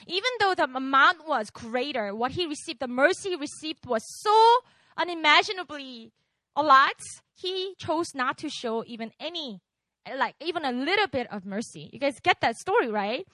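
Lively, high-pitched woman preaching. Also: no echo. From outside America. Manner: conversational, keeps quizzing the audience with "right?". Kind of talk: casual sermon to a young congregation.

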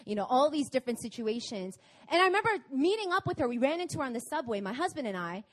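A young woman speaking at a church prayer meeting, her voice sitting a little high. She tells her story in an animated, chatty way, as if talking with friends. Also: fast talker. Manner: animated, chatty storytelling with laughs and acted-out quotes. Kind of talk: sermon with personal storytelling. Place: church meeting hall in Korea.

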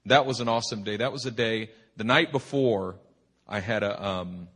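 A man preaching at a church retreat, telling a humorous personal story in an animated, rambling way full of restarts. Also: on the low side, normal speed, slightly rough. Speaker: pastor. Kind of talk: sermon storytelling. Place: retreat meeting hall.

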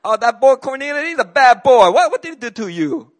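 A man's voice: very high voice, very animated, brisk, voice pushed up. A man voicing a blunt, tough older woman schoolteacher who scolds and gives orders. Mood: sympathetic. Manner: scolding, commanding.

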